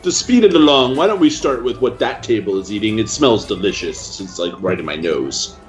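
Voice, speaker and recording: Lively-voiced male tabletop player. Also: on the low side, a little fast, soft background music. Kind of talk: casual tabletop game chat.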